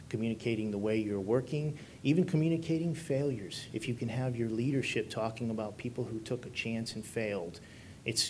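A man's voice: medium pitch, darkish tone, a little hiss or hum. A man presenting at a business conference, speaking to the audience and asking them questions. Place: conference room.

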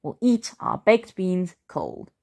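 A woman reading the lines of a stubborn, cheerful father who loves roughing it, in a hearty, insistent storybook voice. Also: lowish voice, huge pitch swings, slow pace, a little mellow, heavily acted.

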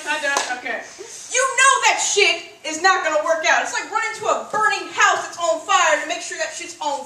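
A woman's voice: very high voice, sharp tone. A young woman performing a brash, profane stand-up comedy routine. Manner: brash, profane, punchy delivery. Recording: echoey room, far from the mic.

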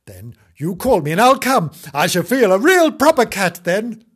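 A man voicing a cheeky, chatty little male kitten in a comic storybook reading, with high sing-song meows. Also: very animated, moderate pace, fairly bright tone, breathy edge, full character voice. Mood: playful.

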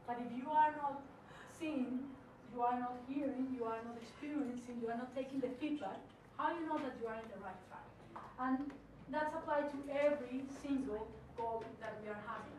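Workshop coach, woman, foreign accent, high bright voice, heard from a distance in a very echoey room with faint hiss. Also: moderate pace, few pauses. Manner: animated, coaxing, with many restarts. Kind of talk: leading a live workshop.

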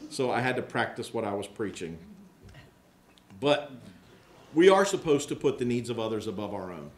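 A pastor speaks to his congregation in a relaxed, storytelling way, frank about his own faults and quick to act out the people in his stories. His voice sits in a middle register and carries the echo of a large hall. A faint noise hums underneath. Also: medium pitch. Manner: candid, self-mocking storyteller who acts out quoted voices. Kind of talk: conversational sermon with personal stories. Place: large rented hall used for church services.

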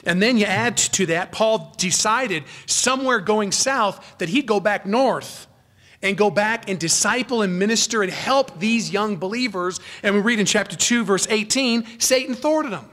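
Speaking at a moderate pace, a pastor preaches an earnest expository sermon. His voice swells higher and louder to stress points, then falls low and quiet, with occasional self-corrections.

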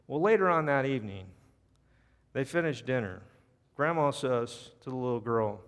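A male pastor earnestly recounts a story during his sermon in a church sanctuary, then lowers his voice gently as he leads the altar call. He speaks in an animated mid-range voice at a moderate pace, over long reverb and faint music.

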